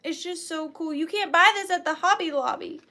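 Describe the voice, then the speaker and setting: Bright, chatty woman seller. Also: very high voice. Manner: chatty and gushing, talks fast. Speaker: online antique seller. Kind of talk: live-selling vlog chat.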